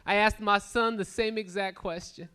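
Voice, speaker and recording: A man in his thirties doing profane, animated stand-up comedy on a club stage, bantering with the crowd. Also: high voice, moderate pace, clear, resonant tone. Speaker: stand-up comic.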